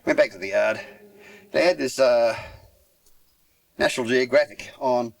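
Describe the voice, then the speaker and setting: A man with an Australian accent in an interview, telling a story in an animated way and acting out other people's voices. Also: medium pitch, measured pace. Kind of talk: anecdotal storytelling.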